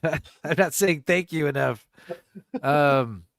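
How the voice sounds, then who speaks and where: A man's voice: a little high, takes it slowly, creaky, dry recording, clean studio sound. A man co-hosting a podcast, chatting casually, swearing freely and slipping into mock voices. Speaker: podcast co-host. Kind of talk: casual chat.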